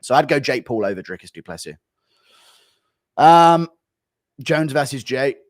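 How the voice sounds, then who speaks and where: A man, reacting to chat on a livestream, giving blunt, dismissive, rapid-fire verdicts. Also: mid-range voice, expressive, no echo, studio quality. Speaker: streamer.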